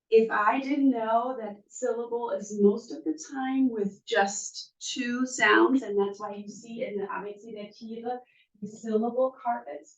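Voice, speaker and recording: Teacher sounding out syllables, distant and muffled. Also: female voice, fairly high pitch. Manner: sounds out syllables slowly as demonstrations. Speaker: first grade teacher. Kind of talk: parent workshop presentation. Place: school room with parents. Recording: muffled, distant, echoey room.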